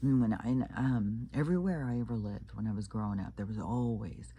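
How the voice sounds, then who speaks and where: A man's voice: lowish voice, fairly quick, dark tone, a little hiss or hum. A man from Kansas casually telling a creepy anecdote, rambling with many fillers and restarts. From Kansas, United States. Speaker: channel host. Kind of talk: casual storytelling.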